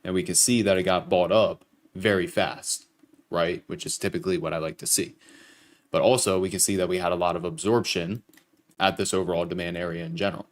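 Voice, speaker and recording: A man's voice: sits low, fairly even intonation, fairly quick. A young man hosting a live trading stream, casually talking chat through his trades with some profanity. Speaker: livestream trading host.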